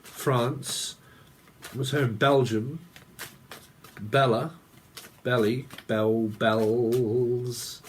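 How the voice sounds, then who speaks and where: A man doing a tarot reading at an unhurried, drawn-out pace, muttering names and wandering from thought to thought. He chuckles to himself as he goes, his voice sitting in an ordinary middle range. A faint hiss of noise sits behind him. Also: mid-range voice. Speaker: tarot reader. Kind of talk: rambling tarot reading vlog.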